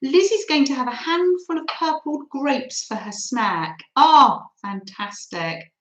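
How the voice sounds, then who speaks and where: A woman's voice: high voice, animated, slow, fairly bright tone, roomy sound. A woman hosting a chatty craft livestream, reading out and answering viewer comments and laughing often. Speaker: livestream host.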